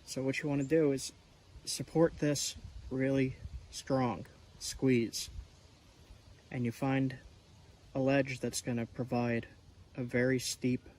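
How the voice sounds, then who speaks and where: A man's voice: medium pitch, fairly even intonation, takes it slowly, pauses often, a little mellow. A man on a camping trip, talking casually to the camera and explaining each step as he works. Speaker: outdoor vlogger. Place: outdoors in the wilderness. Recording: outdoor noise in the background.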